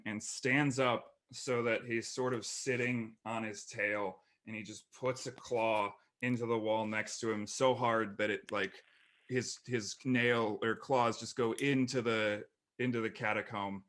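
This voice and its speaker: Guy in a tabletop game stream, rambly and jokey, mid pitch. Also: fairly bright tone. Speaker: player.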